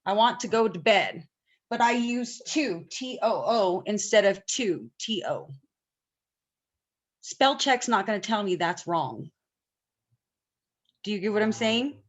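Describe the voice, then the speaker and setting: A woman's voice: medium pitch, expressive, takes it slowly, pauses often. A woman teaching an online class, talking casually and often checking that students follow. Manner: chatty, asks the class questions often.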